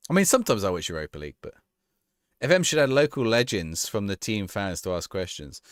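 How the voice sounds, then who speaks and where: A man streaming a game from home, reading viewers' questions aloud and answering them in loose, offhand chat. His pitch swings up and down in a lively way, and he often breaks off and restarts his sentences. The sound is close and dry, with little room around it. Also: brisk, no room sound. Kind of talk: casual chat.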